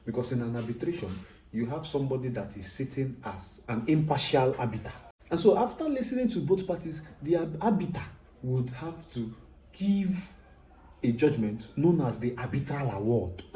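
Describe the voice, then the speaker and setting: A man's voice: medium pitch, mellow, roomy sound, slight background noise, low-quality recording. A man teaching law in a recorded lecture, explaining step by step, repeating his points and asking rhetorical questions.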